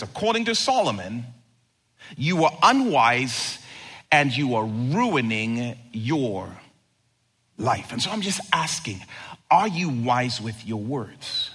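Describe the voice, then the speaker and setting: Animated, husky-voiced male pastor preaching. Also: a little high. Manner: animated, conversational preaching with rhetorical questions. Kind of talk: sermon.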